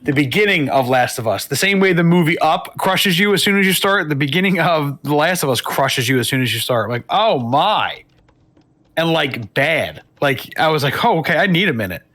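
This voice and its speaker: A man's voice: fairly high pitch, animated, moderate pace, a bit bright. A man as a guest in a casual interview, rambling and thinking aloud with many fillers. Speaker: guest, streamer.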